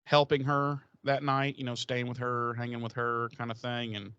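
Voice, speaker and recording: A man co-hosting a casual podcast, retelling scenes in an animated way, swearing freely and acting out the characters' lines. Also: medium pitch, normal speed, clean tone, no echo, muffled recording. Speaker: podcast co-host. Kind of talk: casual recap chat.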